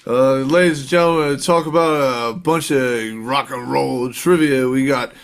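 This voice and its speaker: A man doing an impression of a bumbling, awkward male TV presenter introducing a guest in a halting, deadpan announcer delivery. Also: mid-range voice, voice pushed down, lightly acted. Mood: goofy.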